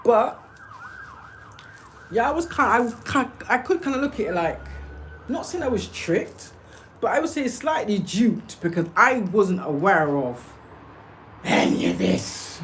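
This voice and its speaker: Very animated and speaking at normal speed, a woman with a fairly high voice gives a casual livestream monologue as a spiritual streamer. She's emphatic with her viewers, often checking in with "okay?" and "yeah?", over poor audio with slight background noise.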